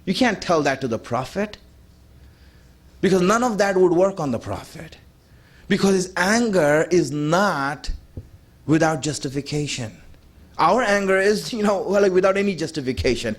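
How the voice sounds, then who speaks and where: Speaking at normal speed in a high, expressive voice, a religious speaker preaches conversationally. He talks straight to his listeners, drives his points home through repetition, and poses rhetorical questions.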